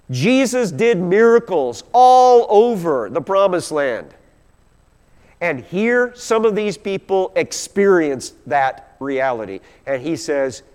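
A man preaching a sermon, explaining scripture verse by verse and reading passages aloud with growing intensity. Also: a little high. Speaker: pastor. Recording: long hall reverb.

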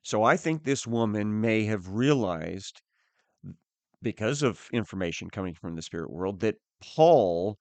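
Male preacher, low voice, unhurried deliberate sermon delivery, dry close sound. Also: smooth, dry recording. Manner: slow, deliberate teaching with pauses.

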